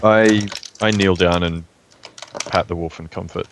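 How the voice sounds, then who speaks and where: A man's voice: sits low, steady tone, unhurried, background noise. A man playing a tabletop game, joking and laughing often. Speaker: player. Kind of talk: casual tabletop game play.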